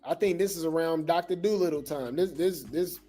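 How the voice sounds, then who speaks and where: A man hosting a live show, chatting casually to viewers, rambling with halting restarts and calling them y'all. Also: a little high, warm tone, faint music behind. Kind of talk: casual commentary to a live audience.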